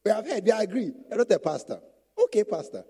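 Animated preaching man, high lively voice. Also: fast, creaky, husky. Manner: animated preaching with repetition and acted quotes. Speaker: pastor. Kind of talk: sermon to church leaders.

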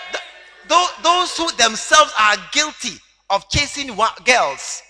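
A man preaching a sermon to a congregation, animated and teasing, laughing along with them. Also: extremely high pitch, moderate pace, faint music behind. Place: church hall. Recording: long hall reverb.

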